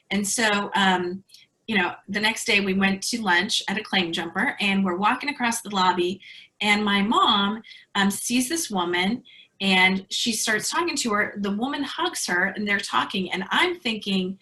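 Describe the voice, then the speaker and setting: Brief: woman presenter, bright and forceful tone, chatty storytelling, video-call sound. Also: medium pitch, moderate pace, rough recording. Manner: conversational storytelling with fillers. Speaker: speaker at an educators' webinar. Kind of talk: online presentation.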